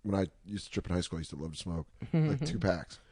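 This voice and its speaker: A man's voice: deep voice, big pitch swings, fast talker, dark tone. A young man telling a crude, profane story in casual podcast chat, acting out the voices of the people in it. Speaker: podcast co-host.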